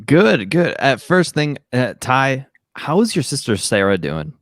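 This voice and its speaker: A man's voice: mid-range voice, sing-song, measured pace, dry recording, studio quality. A man from Minnesota, a guest on a podcast, chatting casually and teasing the hosts. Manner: joking, playful teasing. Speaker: podcast guest, fantasy football analyst.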